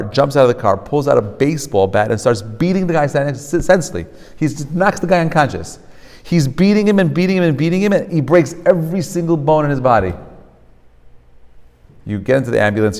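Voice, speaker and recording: A man teaching a class as a rabbi. He talks in an animated way, often checks with "right?", and mixes Hebrew terms into English. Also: on the low side, vocal fry, long reverb tail. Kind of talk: lecture to a live class. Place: lecture hall with a live audience.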